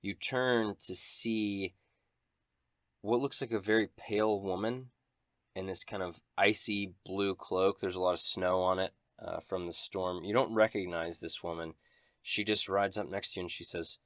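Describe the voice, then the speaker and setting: A man runs a tabletop game as game master in a deep, low voice. He narrates scenes in a descriptive, dramatic way. The recording is dry and close. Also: steady tone, a little slow, a bit bright, no echo.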